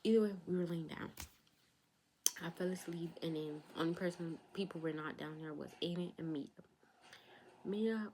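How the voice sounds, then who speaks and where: Chatty young woman with a low voice. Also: moderate pace, pauses often, mellow, slight background noise, low-quality recording. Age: young adult. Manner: chatty, addresses viewers directly, drops into whispered asides. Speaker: vlogger. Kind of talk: storytime vlog.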